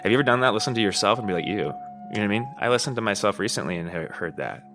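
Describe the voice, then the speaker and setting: A man's voice: fairly low pitch, expressive, racing, music in the background. A man hosting a podcast, talking through a personal story in a candid, profane, rambling way, often asking "you know what I mean?". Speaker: podcast host. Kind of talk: casual monologue.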